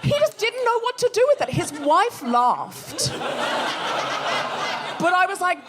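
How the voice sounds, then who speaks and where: A woman co-hosting a comedy podcast, telling a story with animated energy and acting out the voices she quotes. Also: extremely high pitch, takes it slowly, over a noisy crowd, heavy background noise. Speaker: podcast co-host. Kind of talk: comic storytelling before a live audience.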